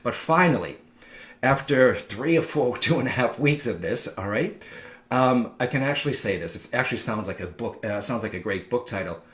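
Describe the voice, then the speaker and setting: A man's voice: mid-range voice, animated, moderate pace, fairly bright tone, roomy sound. A man, a psychic medium, talking casually to viewers and often checking in with "all right?". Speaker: psychic medium giving advice. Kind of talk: casual direct-to-camera talk.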